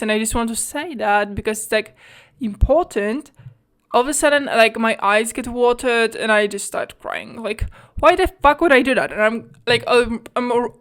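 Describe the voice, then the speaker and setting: A woman's voice: fairly high pitch, clear, resonant tone. A young adult woman hosting a casual solo podcast, rambling candidly, swearing freely and filling her talk with "like". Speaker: podcast host.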